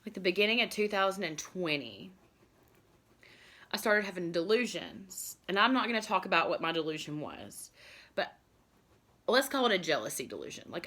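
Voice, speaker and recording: A woman's voice: medium pitch, a bit bright. Casual woman vlogger, earnest confessional storytelling, loose and rambling, lots of fillers. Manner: rambling, filled with "like" and "you know". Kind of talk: candid personal storytelling to camera.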